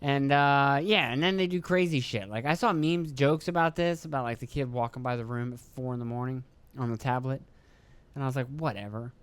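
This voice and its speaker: A man's voice: mid-range voice, clean tone, no echo. A young man hosting his own podcast, from rural Pennsylvania, talking in a casual, profane, joking ramble with a phlegmy throat. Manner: profane, joking, acts out his kids and himself in quick voices. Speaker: podcast host.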